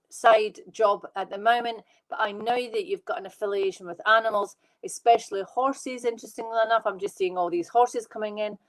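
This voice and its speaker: A woman working as a medium, giving live readings to viewers in an excitable, fast, reassuring way. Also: mid-range voice, low-quality recording. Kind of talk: live online psychic reading.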